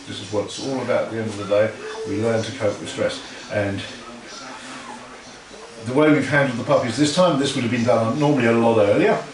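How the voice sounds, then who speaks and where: Dog breeder explaining, echoey and distant. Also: male voice, fairly low pitch. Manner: talks softly to puppies between explanations. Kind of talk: casual explanatory demonstration. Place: kennel with puppies. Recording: roomy, from off-mic, with crowd noise.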